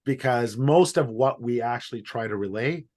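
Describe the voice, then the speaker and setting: A man's voice: mid-range voice, normal speed, darkish tone. A man facilitating an online workshop, explaining with emphasis on single words, heard over a video call. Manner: explanatory, stresses single words in a repeated sentence.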